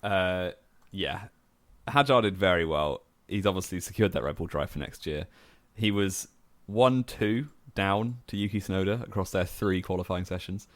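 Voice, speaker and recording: Man, very low voice, dry close sound, podcast co-host, opinionated. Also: dry recording. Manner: opinionated, steady, quick to laugh. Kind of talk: casual chat.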